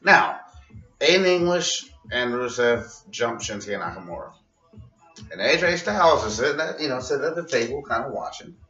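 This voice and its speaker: A man's voice: mid-range voice, animated, moderate pace, bright, forceful tone, far from the mic, faint music behind. A man casually recapping a wrestling show in a rambling, profane vlog, laughing at his own jokes. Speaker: vlogger reviewing wrestling. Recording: roomy, muffled and off-mic.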